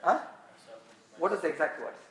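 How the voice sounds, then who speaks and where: A man preaching a sermon, animated and full of rhetorical questions. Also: a little high, moderate pace, echoey room, rough recording. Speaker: pastor.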